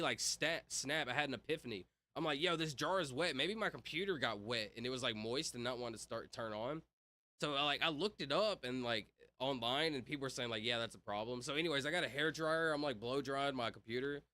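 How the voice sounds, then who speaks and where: With a medium-pitched voice that sounds pushed and bright, a young man livestreams casually from home. He keeps rambling, filling gaps with "like" and "bro" over and over.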